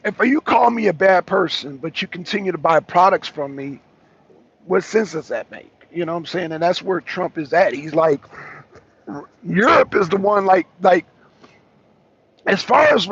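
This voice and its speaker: A man with a husky, slightly high voice hosts a casual political talk show. He talks with a caller, repeats his points for emphasis and restarts his sentences often. The sound is dull and lo-fi. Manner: emphatic and repetitive, with frequent restarts.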